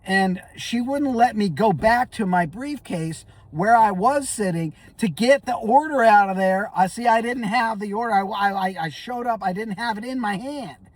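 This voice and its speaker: A shaken man telling a comic story in a rambling, stammering way, often coughing and clearing his throat. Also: high voice, normal speed, few pauses, dry recording, distant mic. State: shaky and rattled. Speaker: comedic vlogger.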